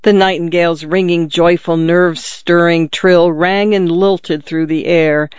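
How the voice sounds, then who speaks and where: Measured story reader, super dry close sound, bit muffled. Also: mid-range voice, fairly even intonation, clear, resonant tone, no room sound. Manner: measured, descriptive reading. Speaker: audiobook narrator. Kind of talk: scripted story narration.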